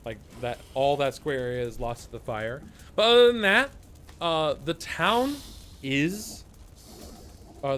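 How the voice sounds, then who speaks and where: A man running a tabletop game, narrating haltingly with many fillers. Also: fairly high pitch, fairly bright tone. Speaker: game master.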